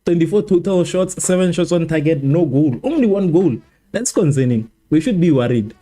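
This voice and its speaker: Soft music plays behind this fairly high-pitched South African man, who talks at a normal speed while hosting a live football watchalong. His commentary is casual and animated, full of repetition and jokes aimed at his chat.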